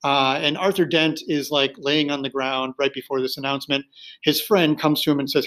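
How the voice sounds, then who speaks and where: A man's voice: fairly high pitch, steady tone, fairly quick, fairly bright tone, low-quality recording. A male teacher casually recommending books to his students, rambling loosely with many fillers and restarts.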